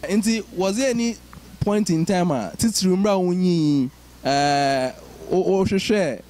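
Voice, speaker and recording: Guy interviewing someone, mixes twi and english, kinda high mellow voice. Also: takes it slowly. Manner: asks questions, code-switching between Twi and English.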